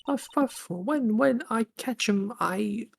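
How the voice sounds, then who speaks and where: A man's voice: fairly high pitch, animated, slow pace, creaky, a bit bright, slight background noise, full character voice. A man voicing a cranky old woman guard, wheezing and huffing between words while reading game dialogue aloud. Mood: breathless.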